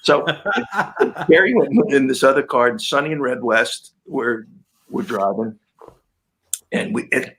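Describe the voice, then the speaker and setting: An older man, a guitarist guest, telling anecdotes in a casual interview and acting out the people he quotes. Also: mid-range voice. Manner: animated anecdote-telling, quoting people in lively voices.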